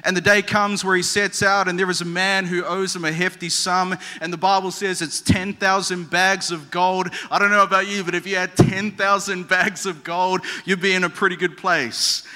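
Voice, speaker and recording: A man's voice: sits high, level tone, moderate pace, few pauses, sharp tone. A man preaching a sermon as pastor, conversational and humorous, asking the audience questions in a church hall. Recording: long echoey hall reverb.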